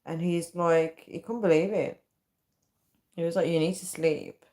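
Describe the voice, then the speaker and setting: A woman's voice: fairly low pitch, fairly even intonation, measured pace, darkish tone. A woman in her thirties, tired and chatty, reading out comments on a casual live stream. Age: 30s. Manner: chatty and giggly, often breaking into laughter. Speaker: livestream host.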